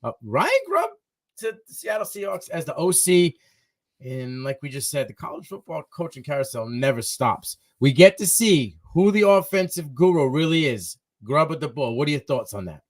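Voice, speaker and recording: A man hosting a casual sports talk show, eager and quick, tagging lines with "right?" and "you know?". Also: on the high side, animated. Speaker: show host.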